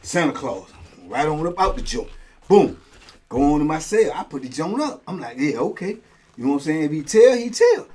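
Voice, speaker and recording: A man's voice: fairly high pitch, husky. A middle-aged man hosting a show, telling a story in casual, slang-heavy talk and acting out both sides of the conversations. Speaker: host and storyteller.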